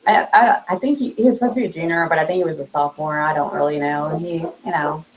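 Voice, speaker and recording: A woman, a guest on a live podcast, talking casually and softly, trailing off with fillers and little laughs. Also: low-pitched, fast talker, low-quality recording. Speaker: interview guest. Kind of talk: casual remembrance chat.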